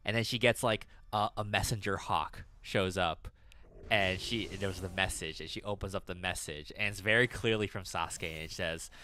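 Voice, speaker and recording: A man's voice: sits low, fairly even intonation, normal speed, sharp tone, slight background noise. A man streaming games and chatting casually, rambling, laughing often and swearing freely. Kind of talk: casual livestream chat.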